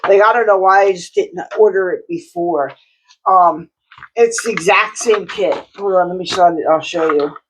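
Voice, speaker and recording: A woman's voice: lowish voice, normal speed, a little hiss or hum. A woman artist chatting to her viewers at home in a rambling, casual way, full of restarts and fillers. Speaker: outsider artist vlogger. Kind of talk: casual chat to camera.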